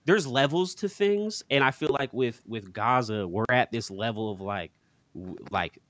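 A man's voice: medium pitch, animated, moderate pace, fairly bright tone, no room sound. Rambling man co-host, dry sound. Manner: rambling, filler-heavy, searching for words. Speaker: podcast co-host. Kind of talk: casual chat.

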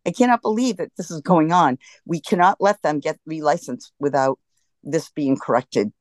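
A woman's voice: low-pitched, normal speed, no room sound. A woman guest in an interview, talking with frustrated urgency and breaking off to restart her sentences. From United States. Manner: frustrated, emphatic, restarts often. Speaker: guest, scuba diver. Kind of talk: impassioned interview talk.

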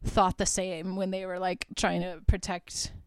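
Woman podcaster, chatty and irreverent, swears casually; smooth voice, dry close sound. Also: fairly low pitch, level tone, unhurried, darkish tone, no echo. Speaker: podcast host. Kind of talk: casual solo movie recap.

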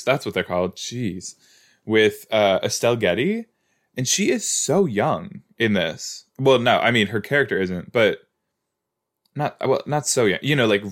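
Male podcast host, unhurried, lively intonation, chatty and self-questioning. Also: medium pitch. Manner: rambling, self-questioning, musing aloud. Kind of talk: casual watch-along commentary.

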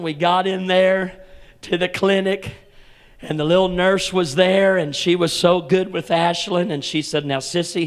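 A male pastor with a fairly high voice delivers his sermon in a folksy storytelling style. He speaks straight to his congregation and calls out members by name.

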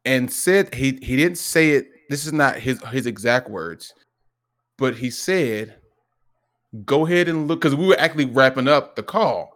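A man co-hosting a podcast, telling a story in casual chat, restarting often and acting out what people said with sudden jumps in pitch. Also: normal speed. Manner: animated storyteller, acts out quoted lines with jumps in pitch; frequent restarts and repeated words. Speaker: podcast co-host.

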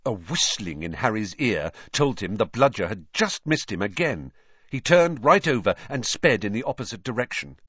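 A man narrating a children's fantasy novel in a dramatic, lively reading. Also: lowish voice, normal speed, slightly rough, dry recording, dull audio. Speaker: audiobook reader. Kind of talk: storybook narration.

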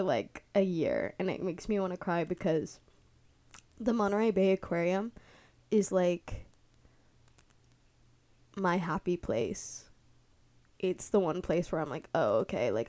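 A woman's voice: on the low side, warm tone. A young woman from the Bay Area hosting a casual solo podcast, rambling with lots of fillers and laughing easily. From San Francisco Bay Area. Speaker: podcast host.

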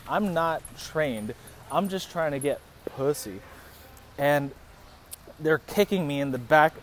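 A man in his thirties tells a story in a slightly high voice, swearing freely and laughing as he goes. He talks outdoors near a street, with faint traffic rumbling behind him. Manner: profane, animated storytelling with laughs. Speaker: podcast host. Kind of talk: storytelling, casual. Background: passing traffic noise.

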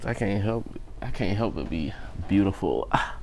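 A man's voice: lowish voice, expressive, normal speed, a little mellow, a little hiss or hum. A man hosting his own podcast alone, chatting casually and rambling from joke to joke, often laughing at his own lines. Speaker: podcast host. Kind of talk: casual solo podcast chat.

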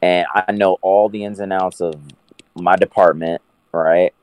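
A man in casual podcast chat, talking in a slow, deliberate, dry way. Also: low voice, fairly even intonation, a crowd in the background.

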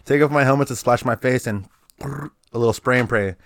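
A man's voice: medium pitch, a little fast, dry recording, studio quality. A man in his thirties, a former army medic, telling grim stories in a laid-back, profane way and laughing now and then. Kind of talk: casual podcast storytelling.

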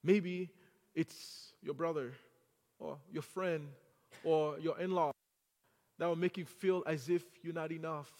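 A man's voice: a little high, steady tone, unhurried, a little mellow. A man preaching a sermon in earnest, building emphasis as he addresses the congregation. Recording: long hall reverb.

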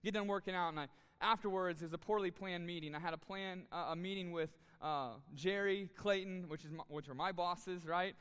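Bright, clear-voiced pastor in a hall. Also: male voice, sits high, fairly even intonation, brisk. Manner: earnest, candid, repeats words when moved. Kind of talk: sermon with personal story. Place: church auditorium, live audience. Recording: long reverb of a large hall.

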